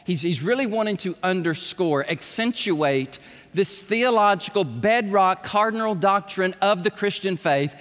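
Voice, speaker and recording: A man preaching a sermon to his congregation, swinging from hushed asides to shouts and asking them to speak along. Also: sits high, measured pace. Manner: animated, shifting from hushed to shouting, calls on the congregation. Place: church sanctuary. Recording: long hall reverb.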